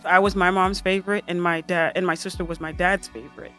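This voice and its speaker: A woman guest telling family stories on a podcast in an animated, humorous way. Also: on the low side, fast, faint music behind. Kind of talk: casual podcast chat.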